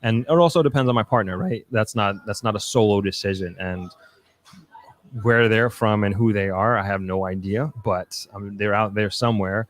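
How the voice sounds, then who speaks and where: A young man talks casually on a live stream, going through viewer questions one by one. His voice sits a little low, and his answers ramble with restarts, fillers and small asides. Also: moderate pace. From New York, United States. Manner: reads out comments then answers, with frequent restarts and fillers. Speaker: livestream host answering viewer comments.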